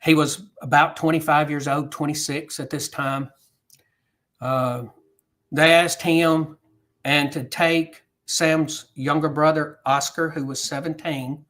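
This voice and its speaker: A man tells a history story to an audience in an unhurried, storytelling way. He acts out the quoted dialogue along the way. His voice sits a little higher than most men's. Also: flat delivery, a bit bright. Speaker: guest speaker on history.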